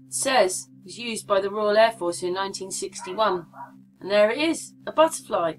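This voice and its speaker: A woman's voice: medium pitch, moderate pace, soft background music. A woman vlogger talking casually and meanderingly while showing maps, often asking the viewer what they think. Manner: chatty, meandering, asks the viewer questions. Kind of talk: casual rambling commentary over maps.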